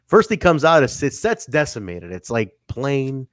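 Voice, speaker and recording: A man's voice: mid-range voice, normal speed, no echo, clean studio sound. A man co-hosting a casual wrestling review podcast, laughing often and acting out what wrestlers said. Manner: animated, laughs often, acts out quotes. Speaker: podcast co-host.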